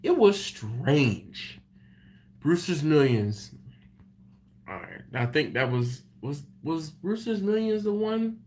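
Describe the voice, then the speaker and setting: A man hosting a live stream, reading viewer comments and chatting casually. He tells stories with animated energy and frequent laughs. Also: a little high, takes it slowly. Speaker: BBQ channel host on a livestream.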